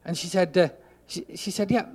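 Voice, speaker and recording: A man preaching a sermon, telling a story and acting out the dialogue, getting loud for emphasis. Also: high-pitched, normal speed, slightly rough.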